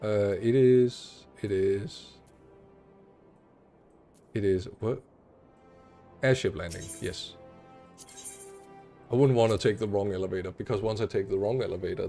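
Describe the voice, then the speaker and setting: A man's voice: fairly low pitch, gravelly, mellow. A man streaming a game, talking casually with sarcastic, muttered asides. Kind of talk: casual gameplay commentary. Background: game music.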